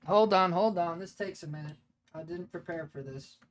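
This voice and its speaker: A man's voice: fairly high pitch, normal speed, slight background noise. A man hosting a casual live stream, laid-back and profane, laughing often and calling people dude and bro. He has an unusual voice that he uses for cartoon work.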